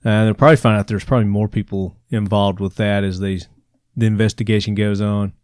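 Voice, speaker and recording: A man's voice: lowish voice, level tone, brisk, a little mellow, clear, resonant tone, dry recording, clean studio sound. A man hosting a podcast, reading news aloud and mocking it with exasperated asides and laughs. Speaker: podcast host. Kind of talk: casual commentary reading news.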